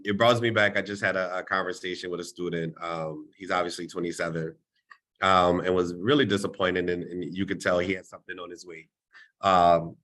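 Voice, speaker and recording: A man educator on a webinar panel who speaks hesitantly and in a measured way, with many pauses and fillers. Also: sits low, pushed and bright.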